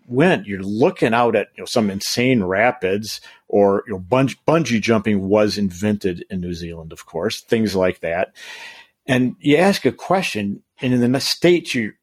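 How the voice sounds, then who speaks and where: A man's voice: lowish voice, lively intonation, moderate pace, breathy edge. A man hosting a casual interview, enthusiastic and prone to repeating words. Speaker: host.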